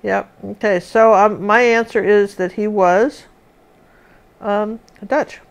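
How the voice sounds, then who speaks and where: A woman's voice: mid-range voice, fairly even intonation, slow, vocal fry. Chatty woman teaching painting. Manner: chatty, thinks aloud while working. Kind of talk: live painting lesson.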